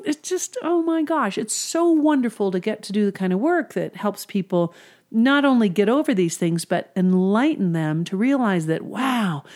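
A woman's voice: medium pitch, darkish tone. A woman hypnotherapist telling stories of her client sessions in an earnest, conversational way. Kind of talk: storytelling about client sessions.

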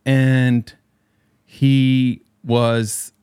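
A man's voice: mid-range voice, little pitch movement, drawn-out words, darkish tone, clean tone, no room sound, clean studio sound. A man and DJ telling a story in casual chat with friends, loose and profane with bro slang.

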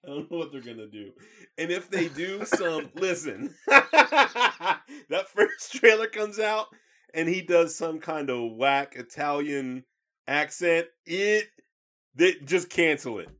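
Bright-voiced wry man co-hosting. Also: on the high side, expressive, takes it slowly. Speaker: podcast co-host. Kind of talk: casual chat.

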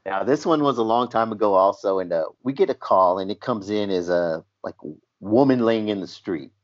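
A man's voice: fairly low pitch, moderate pace. A man who used to be a paramedic, chatting casually and telling a story animatedly, acting out the voices in it. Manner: animated, acts out voices in his stories. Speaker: former paramedic telling stories. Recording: dull lo-fi audio.

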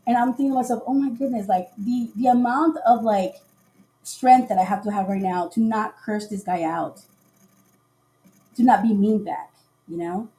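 A woman hosting a casual live podcast, telling a dating story in an animated way, often laughing and acting out what people said. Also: mid-range voice, normal speed.

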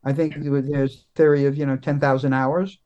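Halting American man musing on writing. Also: medium pitch, little pitch movement, warm tone, muffled recording. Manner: halting, many restarts and fillers. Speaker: guest comics writer. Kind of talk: casual podcast interview.

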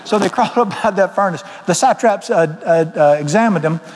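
Speaking a little fast in a high voice, a pastor with a Southern US accent preaches in a church sanctuary. His storytelling is folksy and emphatic, and the big hall adds a long reverb.

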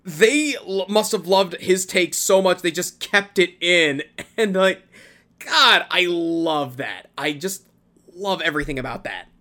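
A man chats on a podcast, gushing with enthusiasm. His voice is bright and forceful. It also sits slightly higher than most men's. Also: unhurried. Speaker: podcast co-host. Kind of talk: casual podcast chat.

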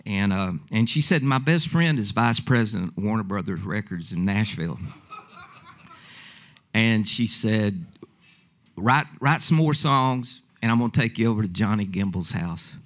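A man's voice: fairly low pitch, expressive, moderate pace, a bit bright. A man telling the story of becoming a songwriter, in a folksy way, acting out the people he quotes. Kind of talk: storytelling testimony.

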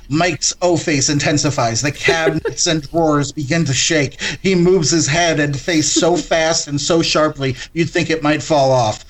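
A man hosting, narrating a comedic retelling of a horror film in deadpan style, correcting himself as he goes. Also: a little high, normal speed, few pauses.

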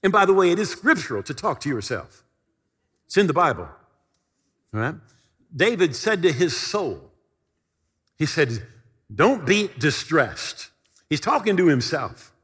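Fervent high-voiced male preacher. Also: big pitch swings, normal speed, pauses often, a bit bright, breathy edge, long reverb tail. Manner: fervent, emphatic preaching with repeated phrases. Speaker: pastor. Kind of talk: sermon.

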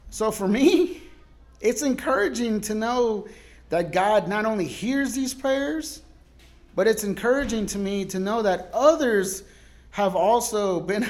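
Guest pastor, male, slightly higher voice, chatty sermon full of laughs and sudden loud cries. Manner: casual storytelling, laughs often, shifts loud and soft.

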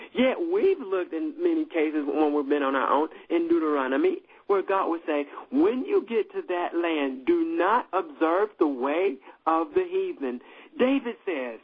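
A man preaching a sermon verse by verse, impassioned, with repeated words and restarts as he climbs to high emphatic peaks. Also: breathy edge. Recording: tinny phone-line sound.

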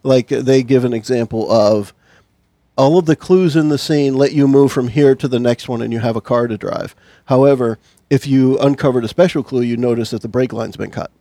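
Gravelly-voiced man chatting about games. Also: mid-range voice, fairly quick, warm tone, dry recording, clean studio sound. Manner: rambling, restarts, laughs often. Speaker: podcast co-host. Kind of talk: casual chat about tabletop games.

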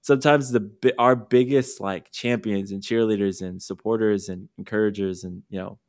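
Low-voiced man hosting a casual podcast. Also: steady tone, moderate pace. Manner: candid, rambling, self-interrupting. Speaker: podcast host and career coach. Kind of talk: casual conversational interview.

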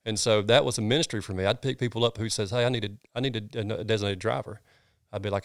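A man's voice: fairly low pitch, fairly even intonation, fast, no echo, studio quality. A middle-aged man from North Georgia with a Southern accent, an earnest pastor telling his story in a casual interview with folksy sayings. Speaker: pastor, guest.

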